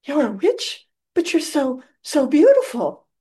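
A woman's voice: a little high, sing-song, normal speed, mellow, slightly rough. A woman voicing a bewildered, innocent young farm girl in a puzzled, wide-eyed way.

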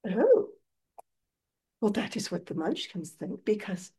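Woman doing a sweet good witch, lilting, soft and mellow, unhurried. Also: mid-range voice, big pitch swings, breathy edge, heavily acted. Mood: gracious.

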